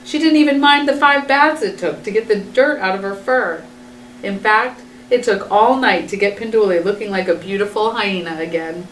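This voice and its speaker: A woman's voice: mid-range voice, moderate pace, slight background noise. Distant, echoey woman reading a storybook. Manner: expressive. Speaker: school staff reading to students. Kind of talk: storybook read-aloud over announcements. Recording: echoey, distant school announcement.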